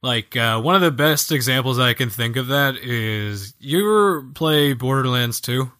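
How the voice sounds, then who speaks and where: A man co-hosting a podcast, chatting casually about video games in a jokey, animated way and acting out lines from the game. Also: medium pitch, moderate pace. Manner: animated, jokey, acts out quoted game characters. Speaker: podcast co-host.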